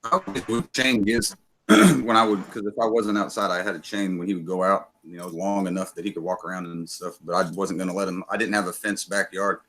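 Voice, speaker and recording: A man's voice: deep voice, a little fast, a bit bright. A man hosting a livestream, telling rambling, profane stories in casual chat. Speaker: livestream host.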